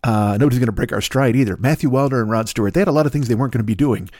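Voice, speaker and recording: Male podcast host, mid-pitched, loose rambling profane comic riffing, dry close-mic sound. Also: rapid-fire, a little mellow, dry recording. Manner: rambling, profane, laughing at his own jokes. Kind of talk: late-night solo comedy rant.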